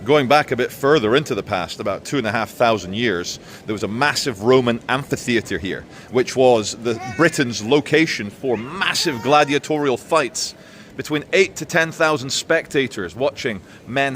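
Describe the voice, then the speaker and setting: A man's voice: medium pitch, a bit bright, slight background noise. A man hosting a walking tour of a city, outdoors, with sarcastic, crude jokes. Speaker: vlogger host. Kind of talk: casual walking tour commentary.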